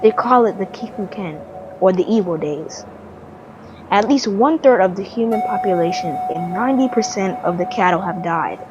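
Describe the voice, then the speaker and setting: A woman giving a measured, dramatic scripted narration of a historical story. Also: medium pitch, expressive, dull audio, background noise. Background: music.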